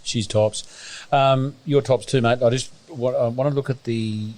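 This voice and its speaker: A man's voice: medium pitch, fairly even intonation, measured pace, a little mellow. An Australian man hosting a podcast interview, chatty and joking with his guest. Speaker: podcast host. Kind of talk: casual interview.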